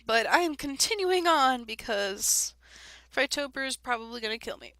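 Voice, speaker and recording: A woman's voice: sits high, lively intonation, moderate pace, sharp tone, dry recording. A congested woman hosting a gaming video, chatting casually and reading the game's text aloud in a rambling way. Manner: chatty and rambling, with small laughs.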